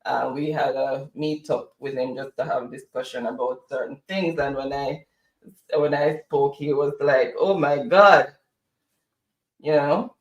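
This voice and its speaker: A man's voice: mid-range voice, fairly even intonation, moderate pace, a little mellow, dull audio. Jamaican man chatting in a roomy space. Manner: chatty storyteller, mimics others. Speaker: co-host. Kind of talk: casual chat. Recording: roomy, distant from mic.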